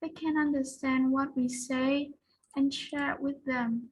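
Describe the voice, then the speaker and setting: A woman's voice: sits high, little pitch movement, takes it slowly, poor audio. A woman student answering a speaking test question with careful, formal phrasing.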